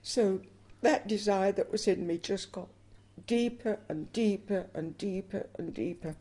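An older Englishwoman tells her life story in a personal testimony interview, speaking with earnest emotion. Her voice is medium-pitched and mellow, with a measured pace.

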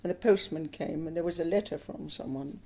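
A woman's voice: deep voice, fairly quick, warm tone. An older woman from England, telling her life story in an interview with earnest emotion. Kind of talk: personal testimony interview.

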